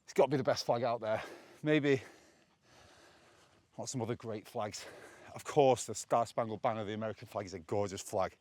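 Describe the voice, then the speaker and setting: An English man from England vlogs outdoors as he walks up hills, a little out of breath, talking casually and with strong opinions into a handheld camera on a stick. His voice is on the low side with a darkish tone, and he speaks at a moderate pace in this casual walking vlog monologue.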